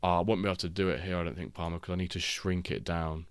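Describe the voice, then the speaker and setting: A man, chatting casually and reacting excitably while hosting a live football watchalong stream. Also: sits low, quick pace, smooth. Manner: rambling, excitable reactions to match action.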